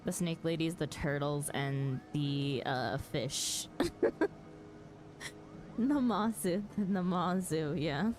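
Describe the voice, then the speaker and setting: A woman's voice: low voice, slow pace, a little mellow, soft background music. A woman streaming a game, laughing often and chatting casually with her viewers, with some mild swearing. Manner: giggly, casual, swears mildly, talks to chat. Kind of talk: live game stream commentary.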